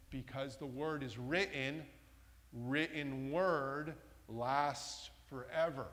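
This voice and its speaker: A man's voice: a little high, a bit bright. A man giving an interactive workshop talk to a live audience, often putting questions to them. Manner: engaging, asks the audience questions. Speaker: workshop presenter. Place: large meeting room with a masked audience. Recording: long reverb from a hall.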